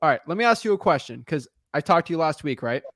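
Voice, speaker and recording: A young man with a fairly high voice coaches callers on real estate deals in a live call-in. He talks directly and encouragingly, often checking in with a quick "right?". The sound is dry and close. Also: sing-song, a bit bright, no echo.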